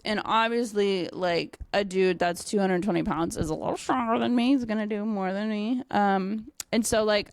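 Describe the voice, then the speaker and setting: A young woman and dog trainer telling a casual story, animated, with many fillers and frequent swearing. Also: medium pitch, dry recording, studio quality. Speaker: dog trainer and company owner.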